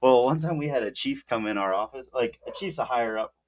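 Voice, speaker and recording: Guy on a podcast rambling thru a story, lots of like and um, mid pitch. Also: quick pace. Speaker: podcast co-host. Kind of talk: casual chat.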